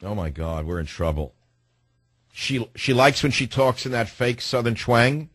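A man's voice: medium pitch, lively intonation, unhurried, a bit bright, breathy edge, no echo. A man hosting a talk radio show, sarcastic and wisecracking, from New York. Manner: sardonic, wisecracking.

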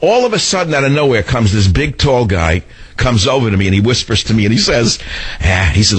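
A male talk radio host speaking into a studio microphone, indignant and combative, with mocking asides. His voice is slightly husky and leaps up and down in pitch as he talks. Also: big pitch swings, a little fast.

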